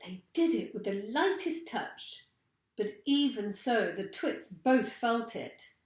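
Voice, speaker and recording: A woman teacher reading a children's storybook aloud with expressive, deliberate delivery. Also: a little high. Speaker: primary school teacher. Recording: roomy echo.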